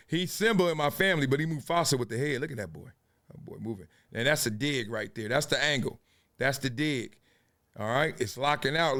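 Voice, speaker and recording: A man's voice: medium pitch, a bit bright. A man hosting a casual sports commentary show, joking and trash-talking, now and then breaking into freestyle rhymes. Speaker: host.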